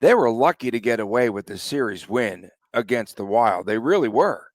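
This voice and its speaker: Regular-pitched guy hosting a hockey podcast, chatty, asks questions, dry mic. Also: lively intonation, normal speed, no room sound. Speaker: podcast host. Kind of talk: casual sports chat.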